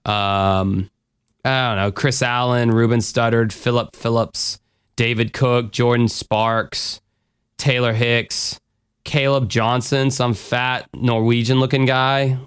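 A man's voice: mid-range voice, steady tone, slow, a bit bright, clear, resonant tone, no echo, clean studio sound. A man hosting a podcast in casual chat, rambling and swearing freely, with lots of fillers. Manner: rambling, profane, full of fillers. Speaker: podcast host.

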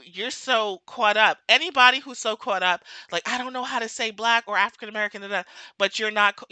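Bright-voiced woman giving emphatic commentary. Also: mid-range voice, dry recording. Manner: emphatic, laughing often, repeats points. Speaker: social media commentator. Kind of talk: casual commentary to camera.

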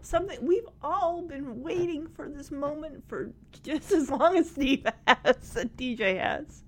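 A woman casually recapping a TV episode, gushing and excitable as she retells scenes and quotes the characters. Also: sits high, measured pace. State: tearing up.

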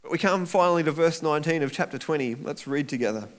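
A man preaching a sermon as pastor, animated and acting out voices of people in the story. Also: fairly high pitch, quick pace, few pauses.

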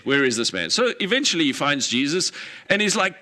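A male pastor preaching an emphatic sermon, retelling scripture scenes in a lively storytelling way. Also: fairly high pitch, fairly quick.

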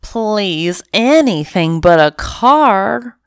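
A woman's voice: very animated, very slow, clear, resonant tone, no echo, clean studio sound, exaggerated voice. Ringo, a fretful kitten voiced by a woman. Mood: pleading. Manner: pleading, high-strung and theatrical. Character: anxious dramatic male kitten.

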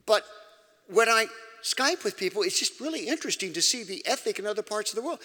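A man preaching to an audience in an emphatic way, breaking into sudden loud, high outbursts. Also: expressive, fast. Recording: long reverb of a large hall.

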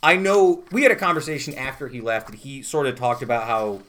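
A man's voice: mid-range voice, brisk, a bit bright. A man co-hosting a podcast in casual chat, reading trivia aloud and breaking off into joking asides. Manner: chatty, jokey, reads trivia aloud with asides. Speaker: podcast co-host.

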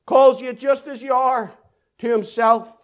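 A Northern Irish man preaching with a strikingly high, fervent voice. He holds to a narrow, insistent pitch and drives his appeal through rhythmic repetition. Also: steady tone, a little slow, clear, resonant tone. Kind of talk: evangelistic sermon.

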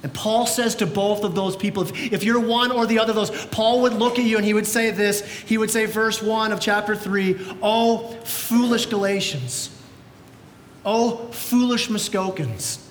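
A man with a high voice preaches a sermon in a large church, his words ringing through a long, roomy echo. He talks with energy, restarting and repeating words as he pushes his point. A faint low rumble sits under the room. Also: flat delivery, fairly quick, hardly any pauses. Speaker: pastor.

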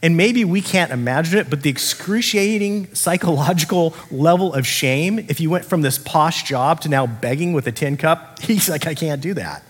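A man's voice: fairly high pitch, normal speed, hardly any pauses, breathy edge, in a large hall. A man preaching a sermon as the pastor, talking in a casual, conversational way and acting out the characters he quotes.

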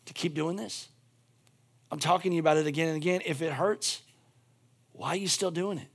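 A man preaching a sermon as pastor, moving between shouted fervor and quiet, intimate appeals, with phrases repeated for emphasis. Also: a little high, fairly quick, slightly rough.

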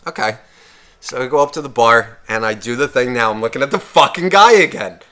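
A podcast co-host with a mid-range voice speaks briskly as he tells a bar story in casual conversation. He swears a lot and animatedly acts out what other people said, shifting voices for each.

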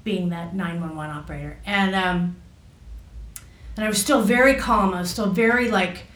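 A woman telling a personal story in a halting way, full of fillers and restarts. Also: mid-range voice, fairly bright tone, far from the mic. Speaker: guest recounting a personal experience. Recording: echoey room, voice off mic.

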